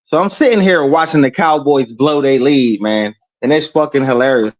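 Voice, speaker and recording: A man hosting a casual boxing talk stream, speaking to his chat in profane, animated trash talk. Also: mid-range voice, normal speed. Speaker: boxing talk show host.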